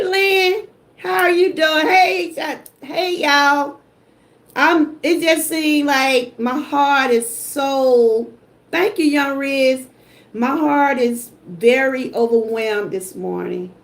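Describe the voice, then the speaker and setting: An older woman, chatting emotionally with her live-stream viewers. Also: high-pitched. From Georgia, US. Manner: emotional, talks straight to chat viewers. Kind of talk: casual livestream chat.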